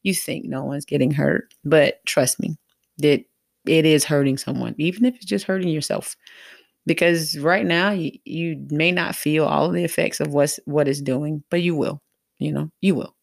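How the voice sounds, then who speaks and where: Gravelly-voiced woman hosting a faith talk show. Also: low voice, steady tone, moderate pace, dry recording, studio quality. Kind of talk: casual faith-based advice talk.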